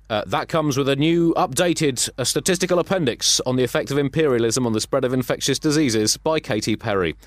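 A man's voice: medium pitch, fairly quick, no echo. A man co-hosting a comic podcast, rambling and self-mocking, chuckling through his jokes. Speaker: podcast co-host.

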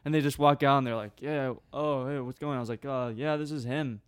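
A young man with a smooth, resonant voice at a middling pitch tells a rambling anecdote on a podcast. He is animated and laughs often, and the sound is close and dry with no room echo. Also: a little fast. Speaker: podcast co-host. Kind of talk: casual storytelling chat.

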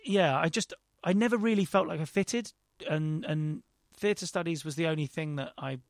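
A man's voice: a little high, moderate pace, dry recording. Hesitant man, dry close sound. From London, England. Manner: rambling, hesitant, self-deprecating, with many restarts. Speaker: actor and director guest. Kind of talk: casual interview chat.

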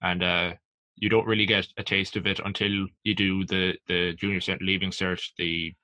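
A man's voice: deep voice, level tone, moderate pace, sharp tone, dry recording. A young adult Irish man co-hosting a podcast, chatting loosely with lots of "like". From Ireland. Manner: loose, conversational, with frequent "like". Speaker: podcast co-host. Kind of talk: casual chat.

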